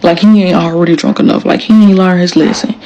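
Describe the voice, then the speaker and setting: A woman's voice: on the low side, fairly even intonation, quick pace, mellow, dull audio. A woman, telling the story of her marriage in casual, emphatic storytelling to camera, acting out quoted lines.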